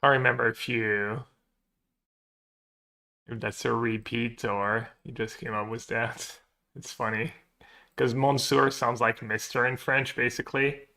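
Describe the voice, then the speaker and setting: A man's voice: mid-range voice, flat delivery, measured pace, long pauses, pushed and bright. A man streaming a card game, thinking aloud about his plays and chatting with viewers in a casual, muttering way. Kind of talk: casual stream commentary while playing.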